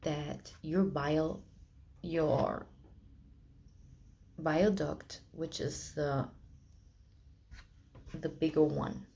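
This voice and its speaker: A young woman telling her own hospital story in a personal vlog, emotional and halting, with many restarts. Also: sits low, fairly even intonation, vocal fry, warm tone.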